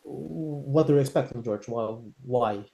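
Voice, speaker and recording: A man's voice: medium pitch, a little slow, vocal fry, dark tone, reverberant, lo-fi sound. A man in sales training, speaking hesitantly and thinking aloud as he works through his questions.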